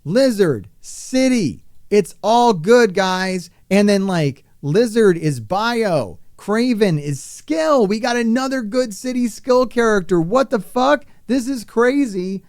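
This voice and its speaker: A man hosting a live game stream, talking to his chat in an excitable, profane, rambling way. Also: sits high, slow, hardly any pauses, dry recording, clean studio sound. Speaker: gaming streamer.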